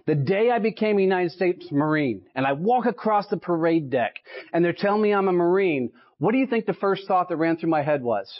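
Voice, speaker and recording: A man's voice: high-pitched, lively intonation, fairly quick. A man in his late thirties with a Texan accent, giving a motivational sales talk to a live audience in punchy stories and often asking "right?". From Texas. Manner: punchy storytelling, keeps checking in with "right?". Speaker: sales speaker. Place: association meeting in front of an audience. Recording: dull lo-fi live speech recording.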